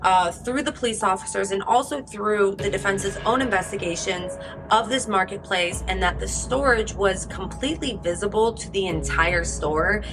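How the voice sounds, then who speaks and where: A woman's voice: medium pitch, normal speed, over music, poor audio. A woman podcast host narrating a court case in a casual, conversational way, reading from transcripts.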